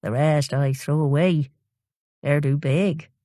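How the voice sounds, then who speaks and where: A woman voicing a calm, matter-of-fact merman in a storybook reading, a little lower than her narration. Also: takes it slowly, no room sound, studio quality.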